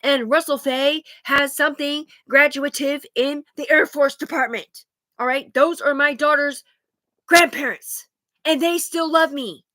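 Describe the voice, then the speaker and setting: A woman's voice: high voice, fairly even intonation, unhurried, pushed and bright. A woman talking alone on a live stream in a rambling, profane, agitated way, jumping from thought to thought.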